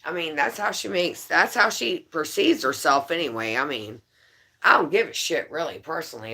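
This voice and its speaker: A woman's voice: sits low, lively intonation, normal speed, sharp tone. A woman venting in heated, profane rants while chatting at home.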